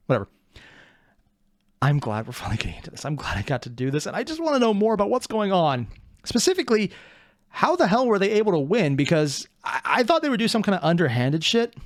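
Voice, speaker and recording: A man hosting a reaction video, talking in a rambling, excitable way with joking asides. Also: high-pitched, dry recording, studio quality. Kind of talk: casual reaction commentary.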